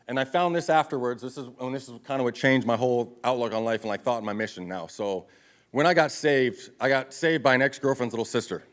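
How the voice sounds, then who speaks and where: A man in his thirties giving a live motivational speech to an audience, telling his life story in a blunt, profane, confessional way. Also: mid-range voice. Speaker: motivational speaker. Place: event stage before an audience.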